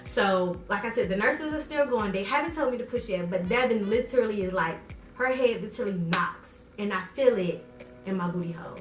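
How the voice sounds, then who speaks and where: A young woman tells a story in a casual, lively vlog style and acts out the voices of the people in it. Her voice sounds roomy and set back from the mic, with faint music underneath. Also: brisk, recorded from a distance. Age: young adult. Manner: animated, acts out quotes with big pitch jumps. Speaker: vlogger.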